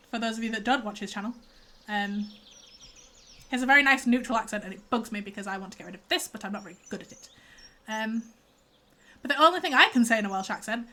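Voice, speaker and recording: A woman's voice: fairly high pitch, pushed and bright. A young woman, chatting and rambling casually as a streamer while she plays. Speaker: streamer host. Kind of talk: casual chat while gaming.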